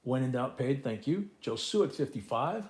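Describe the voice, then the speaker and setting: A man's voice: mid-range voice, expressive, normal speed, background noise. A man hosting a casual live coin auction, calling out bids and chatting with viewers from home. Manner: chatty, repeats bids and co-host's remarks.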